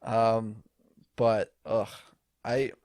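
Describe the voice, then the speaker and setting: A man's voice: lowish voice, level tone, drawn-out words, a little mellow, no room sound. A young man co-hosting a casual podcast chat, blunt and sarcastic, swearing freely. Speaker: podcast co-host.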